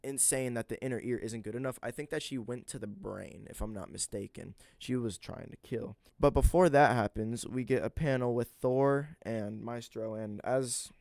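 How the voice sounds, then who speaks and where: A man's voice: mid-range voice, normal speed, gravelly, few pauses, darkish tone, dry recording. A man casually recapping a comic book issue, rambling with lots of fillers and chatty asides.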